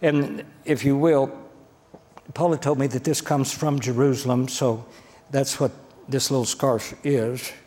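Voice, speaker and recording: Steady in tone and measured in pace, this pastor's medium-pitched voice has a slight mellowness. He preaches folksily and directly in a sanctuary with long church-hall reverb, often turning to his congregation.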